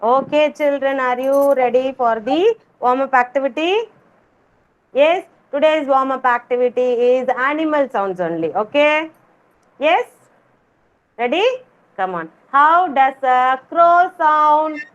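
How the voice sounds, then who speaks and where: A woman's voice: high-pitched, expressive, unhurried, lo-fi sound. A woman teaching a kindergarten class over a video call, coaxing the children with sing-song, repeated questions. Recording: noisy video call audio.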